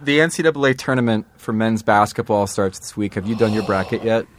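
Laughing, joking podcast co-host. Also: male voice, fairly low pitch, brisk, no echo. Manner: joking, laughs often, rambling restarts. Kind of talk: casual chat.

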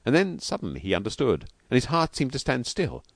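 A man reading a novel aloud as an audiobook with expressive delivery. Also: medium pitch, fairly quick, vocal fry, no echo. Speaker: audiobook reader. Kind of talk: audiobook narration.

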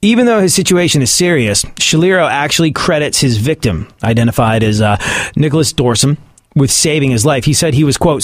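A man's voice: fairly high pitch, animated, brisk, dry recording. Sarcastic male comedic news commentator. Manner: sarcastic, laughs at his own points.

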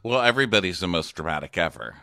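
A man's voice: low-pitched, lively intonation, fast talker, vocal fry, sharp tone, dry recording, studio quality. A man co-hosting a podcast from his home office, chatting casually and playfully with lots of laughter and jokey impressions. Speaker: podcast co-host. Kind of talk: casual chat.

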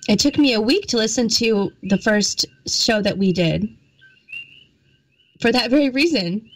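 A woman's voice: on the high side, animated, unhurried, poor audio. A woman co-hosting a podcast in casual chat, light and playful with easy laughs. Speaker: podcast co-host.

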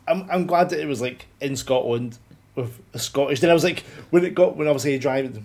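A man's voice: medium pitch, a little fast, a little mellow. A man chatting casually about a film, rambling with many restarts and swearing freely. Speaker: film podcast co-host. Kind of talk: casual chat.

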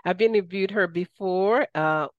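A woman's voice: medium pitch, measured pace, no echo, narrow, tinny audio. An enthusiastic woman with a Southern US accent hosts a radio talk show, folksy and chatty with her listeners. Her voice sits mid-range and sounds close and dry, with no room around it. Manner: enthusiastic, folksy, says y'all often.

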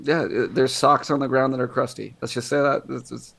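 A man's voice: mid-range voice, fairly even intonation, brisk, creaky, fairly bright tone. A man co-hosting a sports podcast, ranting sarcastically and swearing in casual banter. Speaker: podcast co-host.

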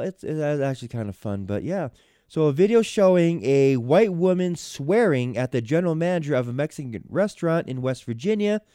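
A man's voice: medium pitch, darkish tone, clear, resonant tone, no echo, clean studio sound. A man hosting a casual podcast, reading news stories and commenting on them in a hesitant, rambling way. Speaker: podcast host.

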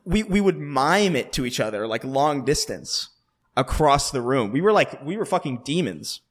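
A young man co-hosting a podcast, telling stories in casual chat with plenty of swearing and animated restarts. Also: mid-range voice, moderate pace. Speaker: podcast co-host.

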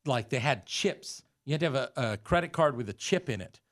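A man's voice: medium pitch, fairly quick. A man in his forties from the United States, telling a story in casual chat and acting out the voices in it. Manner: animated storyteller who acts out quoted voices.

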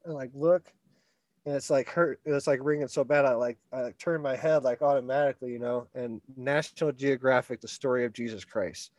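A man recounts a personal story in loose, rambling chat, often stumbling over his words and laughing along. His voice sits at an ordinary pitch. The sound is dry and close. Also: brisk, dry recording. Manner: rambling, animated, repeats words and restarts. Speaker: guest telling a story. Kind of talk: casual storytelling.

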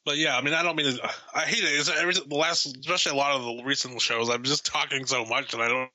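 A man's voice: medium pitch, steady tone, fast talker, bright, forceful tone, dry recording, low-quality recording. A man in a casual film discussion who rambles, swears a lot and acts out lines from the movie.

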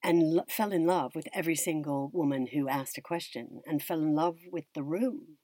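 A woman from the United States, an actress and teacher, telling a personal story in an interview in a reflective, unhurried way that often trails off and restarts. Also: low voice, mellow, no room sound.

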